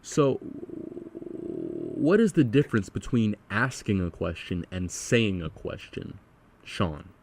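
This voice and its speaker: A man's voice: fairly low pitch, big pitch swings, slow pace, gravelly, slight background noise. A man hosting a podcast, chatting casually about music in an earnest way and asking leading questions. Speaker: podcast host.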